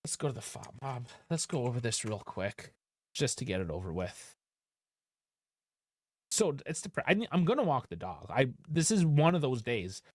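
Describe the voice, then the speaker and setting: A man's voice: medium pitch, sing-song, normal speed, no echo. A man hosting a live football stream, talking in a casual, frustrated and sarcastic way, with plenty of swearing. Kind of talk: casual live-stream post-match rant.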